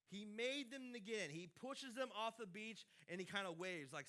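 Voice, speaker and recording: Man, pastor, sermon, bright forceful tone, slightly high pitch, conversational, loud and soft swings. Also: lively intonation, a little fast, hardly any pauses. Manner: conversational preaching with dynamic swings in loudness.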